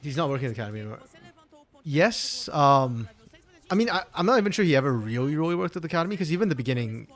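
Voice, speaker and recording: A man's voice: a little high, big pitch swings, very fast, a bit bright. A man co-streaming an esports match, talking in a chatty, laid-back way and answering chat. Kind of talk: casual live-stream commentary.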